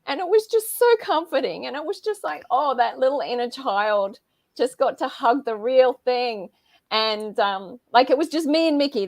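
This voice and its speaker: A woman's voice: high voice, no echo. A woman in her fifties, a podcast guest in casual chat over a video call, telling a personal story with feeling and frequent laughter. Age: 50s. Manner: emotional, storytelling, laughs often.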